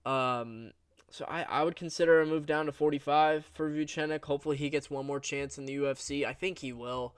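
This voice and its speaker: A man's voice: fairly high pitch, steady tone, fairly quick, clear, resonant tone, no echo. A young man giving a casual, rambling fight recap, blunt and crude, with many fillers and restarts. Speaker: MMA recap host. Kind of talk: casual commentary.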